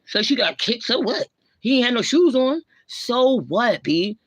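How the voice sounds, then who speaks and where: A woman's voice: a little high, sing-song, measured pace, slightly rough, no echo. A woman hosting a livestream, ranting and scolding in blunt, slang-heavy talk with a lecturing tone. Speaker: livestream host. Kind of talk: ranting live commentary.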